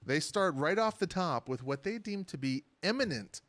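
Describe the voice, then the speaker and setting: A man's voice: on the high side, moderate pace, no echo. A man co-hosting a casual podcast, telling stories and reading out a list, with easy laughter. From living in Las Vegas. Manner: storytelling, animated, laughs easily. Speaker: podcast co-host. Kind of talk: casual chat.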